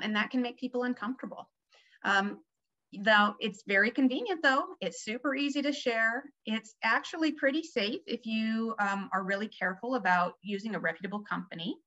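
A woman's voice: mid-range voice, pushed and bright, highs cut off. A woman presenting a small business seminar over a video call, talking in a conversational way with many fillers. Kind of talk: webinar lecture.

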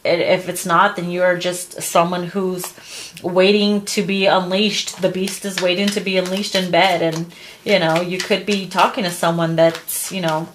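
A woman's voice: fairly low pitch, background noise. A woman doing a casual tarot reading, blunt and crude, laughing often and acting out what people say. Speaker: tarot reader.

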